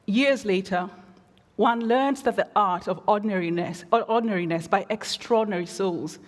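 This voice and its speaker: A woman giving a lecture as reflective storytelling, measured with wry asides, in a large theatre. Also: medium pitch. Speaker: guest lecturer. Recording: long theatre reverb.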